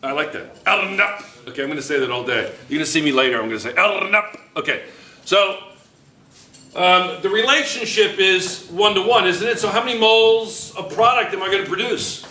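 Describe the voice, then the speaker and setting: A male chemistry teacher in a classroom, talking in a bright, forceful voice a little higher than most men. He repeats himself for emphasis and jokes easily with his students. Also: brisk, roomy sound. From United States.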